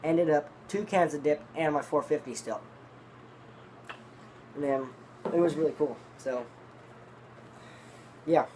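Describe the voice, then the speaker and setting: A man's voice: on the high side, slow, pauses often, a little mellow, slight background noise. A man telling a long, rambling story in casual, profanity-laden talk, reviewing dip tobacco. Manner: rambling, profane, restarts often.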